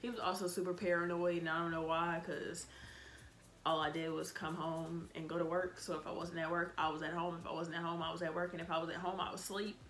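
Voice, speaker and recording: A woman's voice: fairly low pitch, fast talker. A woman telling a storytime vlog in a blunt, exasperated way, cussing freely and acting out what she said back then. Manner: animated, acts out her own lines. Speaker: vlogger.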